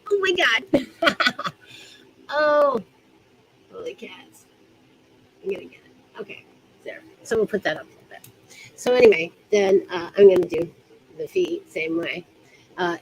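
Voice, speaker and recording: A woman's voice: lowish voice, darkish tone, slight background noise, poor audio. A woman giving a casual hands-on rope tying demonstration, chatty and giggly, often trailing off mid-sentence. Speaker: rope bondage instructor.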